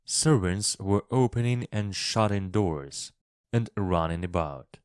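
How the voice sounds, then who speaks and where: A man who tells stories and teaches English, reading a storybook for English learners in a slow, expressive way. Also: low-pitched, smooth, dry recording, studio quality.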